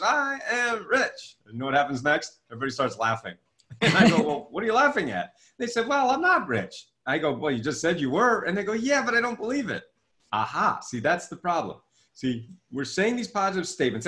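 Middle-aged male author-coach, animated storyteller, interview guest. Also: medium pitch. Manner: animated storytelling, acts out his own past dialogue. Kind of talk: interview conversation.

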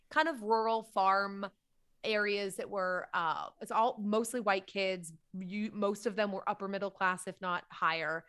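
A woman comedian, a guest on a podcast, telling stories in animated, quick bursts. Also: medium pitch, clean tone. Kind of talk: casual podcast chat.

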